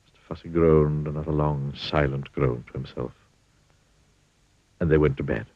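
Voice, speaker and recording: A man reading a children's storybook aloud in an expressive, playful way. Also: a bass voice, moderate pace, long pauses, no room sound, highs cut off. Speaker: storybook reader.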